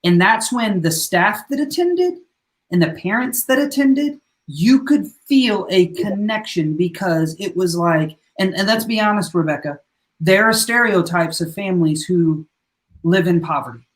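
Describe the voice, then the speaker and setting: A man's voice: high voice, expressive, unhurried. A man who works as a school principal, telling earnest stories in a casual podcast conversation and acting out what his students say. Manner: earnest storyteller, acts out quotes of students.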